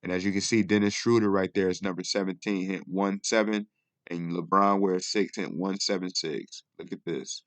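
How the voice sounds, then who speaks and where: A man's voice: deep voice, fairly even intonation, moderate pace. A man hosting a casual commentary vlog, talking in a rambling way and often asking "you know what I mean". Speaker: video host.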